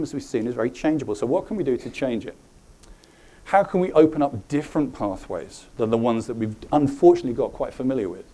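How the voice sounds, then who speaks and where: A middle-aged man giving a live presentation to an audience, animated and often checking in with questions. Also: medium pitch. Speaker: presenter at a health talk.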